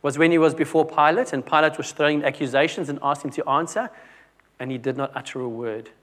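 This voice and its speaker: A man's voice: a little high, fairly even intonation, a little fast, a bit bright. A young man preaching a conversational sermon, often dropping his voice to stress a point. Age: young adult. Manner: conversational, with restarts and dramatic drops in volume.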